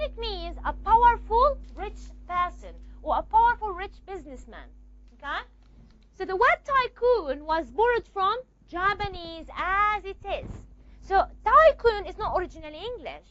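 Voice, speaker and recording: A woman teaching a classroom lesson, explaining step by step and often checking understanding with quick questions. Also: extremely high pitch, a bit bright, highs cut off. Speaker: language teacher. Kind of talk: classroom lecture.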